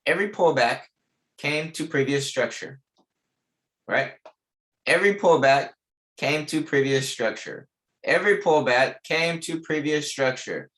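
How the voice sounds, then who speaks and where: A man's voice: on the high side, unhurried, pauses often, fairly bright tone. A young man teaching a live online trading class, repeating key lines with emphasis and casual slang. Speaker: trading instructor.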